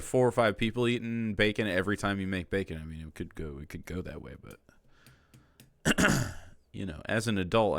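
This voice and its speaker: A man with a lowish voice talks casually on stream, swearing freely and ranting in exasperation. The sound is close and dry, with no room around it. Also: a bit bright, no room sound. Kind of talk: casual reaction commentary.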